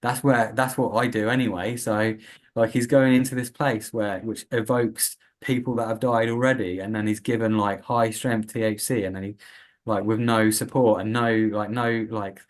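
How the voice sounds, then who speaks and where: Low-voiced British man, animated interview guest. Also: moderate pace. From United Kingdom. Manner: animated, acts out quoted voices. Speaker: patient advocate guest. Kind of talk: casual interview talk.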